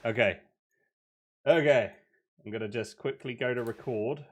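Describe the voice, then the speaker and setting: A young British man co-hosting a casual podcast, rambling with excitement and often laughing. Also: mid-range voice, measured pace. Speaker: podcast co-host. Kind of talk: casual chat.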